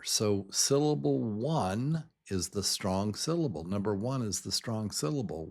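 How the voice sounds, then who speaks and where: An older man teaching English pronunciation to beginners, repeating each word many times and stretching his pitch up and down to show the stressed syllable. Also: very animated, moderate pace, creaky, few pauses. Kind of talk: slow, deliberate pronunciation lesson.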